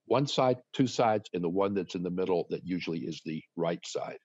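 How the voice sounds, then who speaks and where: A man's voice: low-pitched, expressive, fairly quick, a little mellow, no room sound, lo-fi sound. A man appearing as a guest attorney, talking with playful wordplay and courtroom flair.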